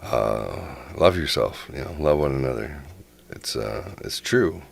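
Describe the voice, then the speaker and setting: A man hosting a casual interview, talking in animated, halting bursts and often restarting his sentences. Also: extremely low pitch, creaky. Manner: animated, halting, quotes others in lively bursts. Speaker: podcast host.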